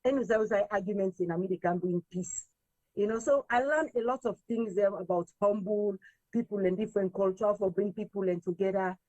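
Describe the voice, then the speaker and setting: Sierra Leonean woman telling a lively story. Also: mid-range voice, brisk, no echo, lo-fi sound. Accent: Sierra Leonean, mixing in Krio. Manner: lively, quotes others in raised voices, slips between English and Krio. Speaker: interview guest, singer. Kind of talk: animated storytelling in an interview.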